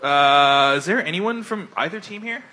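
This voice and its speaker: A man's voice: a little high, expressive, moderate pace, sharp tone, slight background noise. A man hosting a casual podcast, joking around and reading out game scores. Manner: jokey, reads scores aloud. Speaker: podcast host. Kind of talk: casual chat.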